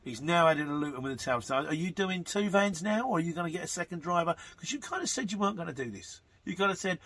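Man, casual podcast host, husky bright tone, rambling and matter-of-fact. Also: on the high side, animated, fast talker, no room sound. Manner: chatty, rambling, matter-of-fact with frequent fillers. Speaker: podcast host answering listener messages. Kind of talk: casual chat.

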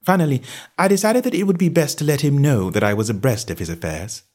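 A man's voice: mid-range voice, animated, quick pace, darkish tone. A man narrating a comic novel in the first person, with jaunty, wry storytelling and varied character voices. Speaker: audiobook narrator.

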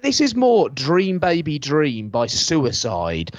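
A man's voice: on the high side, wildly swooping pitch, slow pace, no echo, lo-fi sound. A British man hosting a podcast from his sofa, ranting sarcastically and swearing freely in casual chat. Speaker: podcast host. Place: at home on a sofa.

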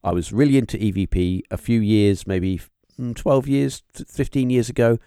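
A man hosting a podcast interview, talking in a halting, musing way with lots of fillers and restarts. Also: lowish voice, dark tone, smooth, no echo, studio quality. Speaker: podcast host. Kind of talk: casual interview chat.

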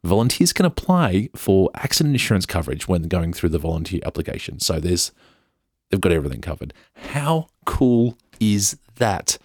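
A man's voice: low-pitched, expressive, quick pace, darkish tone, breathy edge, no echo, studio quality. An English man hosting a podcast, reading a news story aloud with chatty, joking asides. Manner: chatty, playful, jokey. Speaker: podcast host.

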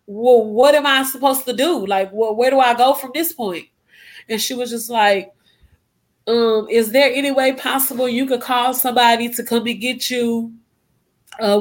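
A young adult woman, a guest, emotionally retelling a personal story and acting out what people said. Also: a little high. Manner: emotional retelling with acted-out quotes.

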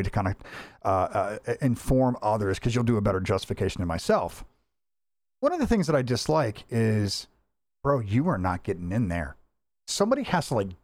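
A man's voice: on the low side, darkish tone, no echo. A man hosting a casual podcast chat, talking in a rambling way with lots of restarts and fillers. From United States. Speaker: podcast host.

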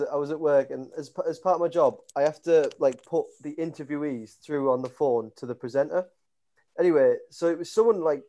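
A man with a Yorkshire accent co-hosting a podcast, telling a funny story from work and acting out the lines of the people in it. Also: fairly high pitch. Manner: lively anecdote-telling, acting out quotes. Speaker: podcast co-host. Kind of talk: casual storytelling chat.

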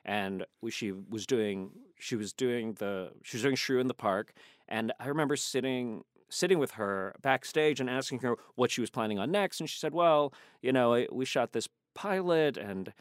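A man, an actor guest, telling lively behind-the-scenes stories in a casual interview, quoting people as he goes. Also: mid-range voice, normal speed, smooth, no room sound, studio quality. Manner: animated storyteller, quotes others in changed voices.

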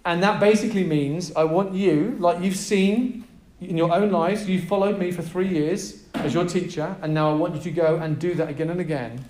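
Male pastor, high voice, energetic and emphatic sermon delivery, roomy echo. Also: moderate pace. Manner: emphatic, energetic preaching with audience prompts. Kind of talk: sermon to a live group. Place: room with a gathered group.

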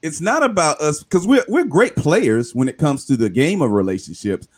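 A man hosting a podcast interview, chatting casually and joking with his guest, sometimes dropping his voice low for effect. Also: lively intonation, moderate pace. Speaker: podcast host.

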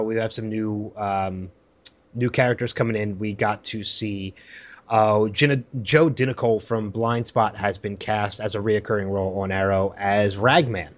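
A man hosting a casual podcast, steering topics with a hesitant, filler-heavy way of talking. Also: fairly low pitch. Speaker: podcast host. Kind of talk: casual chat.

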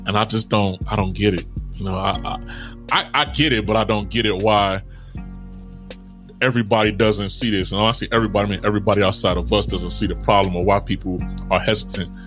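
A man's voice: fairly low pitch, fairly even intonation, fast, fairly bright tone, faint music behind. A man co-hosting a casual talk show, laid-back and thoughtful, searching for his words as he reflects.

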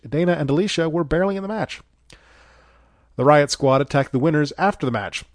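A man's voice: fairly high pitch, dry recording. Sarcastic man recapping wrestling, dry sound. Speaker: podcast host reviewing wrestling shows. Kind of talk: scripted recap with sarcastic asides.

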